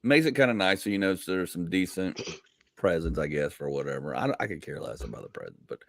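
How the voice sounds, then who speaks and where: A man's voice: low-pitched, animated, fairly quick, creaky, dry recording, studio quality. A man hosting a casual comedy podcast, rambling and joking with frequent laughs.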